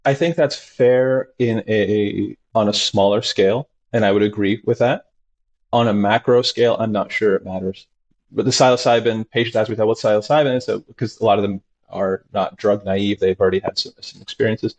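A man, a doctor as interview guest, talking expressively and acting out his patients' voices with big jumps in pitch. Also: steady tone, moderate pace, a little mellow, dull audio. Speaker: integrative medicine doctor, guest. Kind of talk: animated conversational interview.

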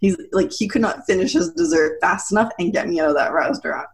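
A woman in her thirties, telling a personal story in a casual chat, animated and laughing often as she acts out quotes. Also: lowish voice, quick pace. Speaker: guest.

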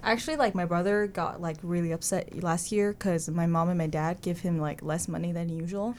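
A woman's voice: lowish voice, fairly even intonation, brisk. A young woman on a casual podcast, telling family stories with plenty of fillers. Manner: chatty storyteller, many fillers. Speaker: podcast co-host. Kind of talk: casual chat.

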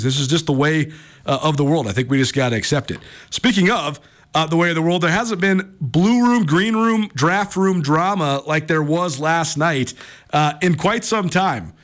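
An American man hosting sports talk radio, his voice sitting high for a man. He rambles in a loose, chatty way, full of fillers and self-corrections. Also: a bit bright.

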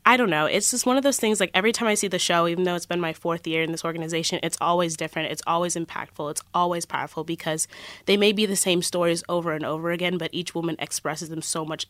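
A woman's voice: fairly low pitch, fairly even intonation, fast, a bit bright, no echo. A young woman, a student organizer speaking earnestly and passionately as a guest in a radio interview. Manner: earnest and passionate, talks in long flowing runs. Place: radio studio.

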